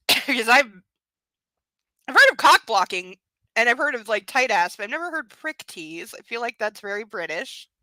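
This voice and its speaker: A woman's voice: on the high side, big pitch swings, normal speed, sharp tone, no echo. A young adult woman doing a live reading of a book, breaking off into mocking, sarcastic commentary. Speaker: reader and commentator.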